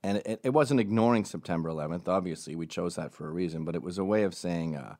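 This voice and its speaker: Low-voiced, profane, rambling man. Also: quick pace, few pauses, darkish tone, no echo, clean studio sound. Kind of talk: casual comic monologue.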